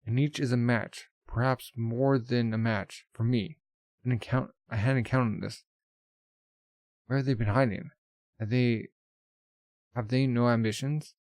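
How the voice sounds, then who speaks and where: Scheming demon lord thinking out loud, guy reading, mid pitch, dry. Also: steady tone, measured pace, pauses often, dry recording, close to an everyday voice. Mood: brooding.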